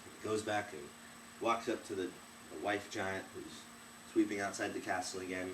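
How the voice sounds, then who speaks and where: A young man in his twenties retells a fairy tale in a chatty, animated way. His voice sits on the low side. The recording is roomy and a little distant from the mic, with faint ambience behind. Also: moderate pace, background noise. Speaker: storyteller. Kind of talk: casual story retelling.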